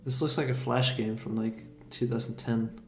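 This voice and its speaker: A man chats on a livestream at a middle pitch, keeping his energy deliberately low and joking along the way. His voice carries a noticeable room echo, with faint music playing underneath. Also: fairly even intonation. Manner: laid-back, deliberately low-key, joking. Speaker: animator hosting a dev livestream. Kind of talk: casual livestream chat.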